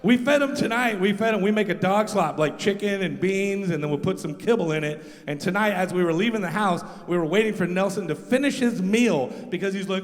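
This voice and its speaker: A man with a high voice works the crowd loudly in rambling stand-up, shouting out to the audience between stories. The long reverb of a big live hall trails every line. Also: brisk, hardly any pauses. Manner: loud, crowd-rousing, rambling. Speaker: radio show host doing stand-up. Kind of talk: stand-up comedy. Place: live stage in a large venue.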